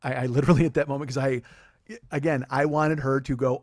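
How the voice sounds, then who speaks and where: A man's voice: mid-range voice, steady tone, fast talker, darkish tone, no echo, clean studio sound. A man in his forties, a podcast host, telling a rambling, profane, self-deprecating comedic story. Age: 40s.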